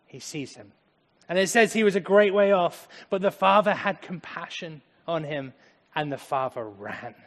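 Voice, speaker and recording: A man preaching a sermon, dramatic, swinging from loud emphasis to hushed tones. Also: on the high side, normal speed. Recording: echoey hall.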